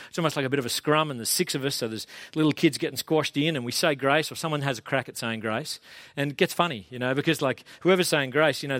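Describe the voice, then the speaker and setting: A man's voice: medium pitch, a bit bright, no room sound. Casual male pastor preaching. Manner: casual, chatty, self-deprecating. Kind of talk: sermon.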